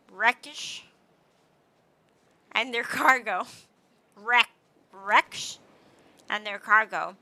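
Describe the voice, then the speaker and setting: A woman voicing a jittery wreck scavenger who rambles excitedly. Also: high voice, pitched above the performer's own voice.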